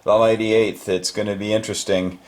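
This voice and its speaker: A man's voice: on the low side, little pitch movement, quick pace. A man hosting and commenting on a board game, upbeat and chatty as he hands over to each player. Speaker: host and game narrator.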